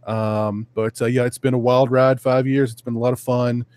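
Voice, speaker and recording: A man hosting a casual podcast panel, relaxed as he wraps up the show with thanks. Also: mid-range voice, moderate pace, clear, resonant tone. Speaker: podcast host.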